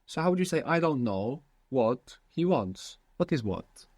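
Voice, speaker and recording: A man's voice: mid-range voice, big pitch swings, measured pace, darkish tone, dry recording. A man teaching a language lesson, patiently prompting his student with questions.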